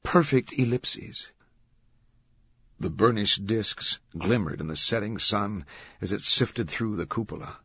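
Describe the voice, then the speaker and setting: A man narrates an audiobook in a measured, dramatic way. His voice is very low and strongly husky. The recording is dry and slightly dull. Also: fairly bright tone, no echo. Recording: dull, dry studio sound.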